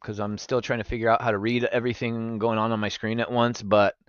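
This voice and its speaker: A man's voice: fairly low pitch, fast, clean tone, no room sound, highs cut off. A young man streaming live, chatting casually with his viewers and swearing freely. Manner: animated, swearing, talks to chat. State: recovering from gallstones.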